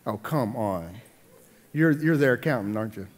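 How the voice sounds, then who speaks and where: A middle-aged pastor preaches with animated energy, doubling back on his words as he drives each point home. His voice carries a long hall reverb from the sanctuary around him. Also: medium pitch, normal speed. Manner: animated, repeats words when building a point. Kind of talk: sermon.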